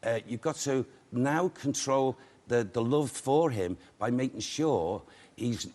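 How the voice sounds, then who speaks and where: A man with a Liverpool accent, a TV psychic giving a reading in a halting, soft-spoken, reassuring way. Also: medium pitch. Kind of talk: television reading.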